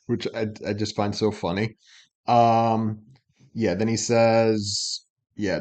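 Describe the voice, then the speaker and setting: A man with a fairly low, everyday voice walks through song lyrics piece by piece in relaxed reaction-video chat. He explains patiently and clears his throat often between thoughts. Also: takes it slowly. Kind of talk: casual lyric breakdown.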